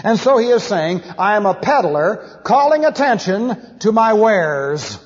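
A man teaching a Bible study sermon, animated, acting out sounds and wails as he explains. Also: sits high, unhurried. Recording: dull lo-fi audio in a reverberant hall.

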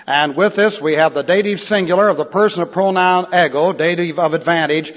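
Man, pastor, expository sermon, high-pitched, deliberate teaching delivery, reverberant hall. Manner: deliberate, spells out Greek words letter by letter. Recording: dull lo-fi recording in a reverberant church hall.

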